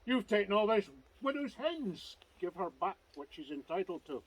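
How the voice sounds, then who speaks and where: A stern Scottish clan chief issues slow, commanding warnings, as a male storyteller plays him. The voice is firm and animated. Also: high-pitched, voice pushed up, low-quality recording.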